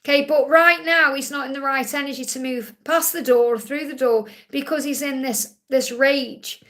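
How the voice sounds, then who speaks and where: A woman's voice: high-pitched, steady tone, moderate pace, a bit bright. A woman hosting a live tarot Q&A stream, reading out viewers' questions and relaying messages in a reassuring way, often checking in with "okay?". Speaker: psychic card reader.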